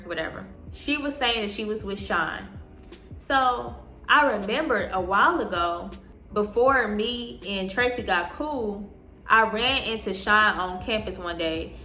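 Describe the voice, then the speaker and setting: A young woman in her twenties telling an animated storytime, acting out what people said. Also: medium pitch. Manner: animated, acting out quotes in voices. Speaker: vlogger. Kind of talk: storytime vlog. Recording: echoey room with soft music. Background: soft background music.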